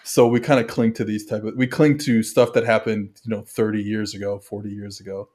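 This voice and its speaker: A man's voice: fairly low pitch, flat delivery, a little fast, darkish tone. A man from Montreal, a guest on a podcast, talking earnestly and rambling, with lots of "like" and "you know". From Montreal, Canada. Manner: rambling, filler-heavy, earnest. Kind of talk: casual podcast chat.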